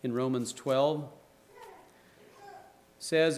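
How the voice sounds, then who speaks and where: A man's voice: a little high, animated, a little slow. A man preaching a sermon, reading a story aloud and quoting scripture. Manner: reads story aloud, raising voice for quoted shouts.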